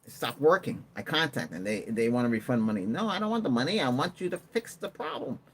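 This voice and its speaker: A man's voice: medium pitch, big pitch swings, fast, a little hiss or hum. A man hosting a tech livestream, chatting casually and rambling while he answers viewer comments and laughs often. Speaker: livestream host.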